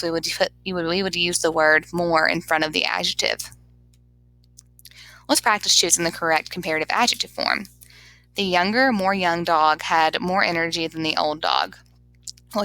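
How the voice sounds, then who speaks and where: A woman's voice: lowish voice, sharp tone, dry recording, poor audio. A woman teacher giving a grammar lesson over slides, patiently sounding words out syllable by syllable.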